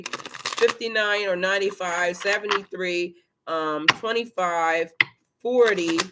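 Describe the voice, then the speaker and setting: A tarot reader doing a casual live card reading, excitable and chatty, swearing freely and talking to viewers and a helper. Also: medium pitch, noisy background. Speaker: tarot reader and spiritual coach.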